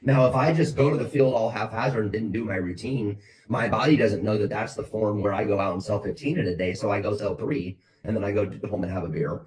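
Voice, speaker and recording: A man with a deep, low voice leads his sales team on a video call. He talks bluntly and motivationally and keeps hammering the same points. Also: fairly quick, crowd noise, low-quality recording.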